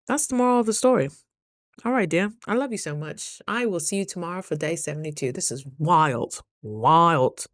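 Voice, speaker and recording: A woman talking casually to her camera, chatty and affectionate, calling her viewers baby and jumping up high when she quotes people. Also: dry recording, clean studio sound. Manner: lively, jumps high for quoted voices. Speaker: vlogger.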